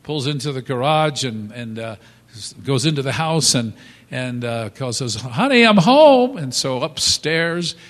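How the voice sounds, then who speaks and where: Man telling a story in a reverberant hall. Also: medium pitch. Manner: halting, many restarts, animated. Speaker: speaker. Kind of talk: motivational storytelling talk.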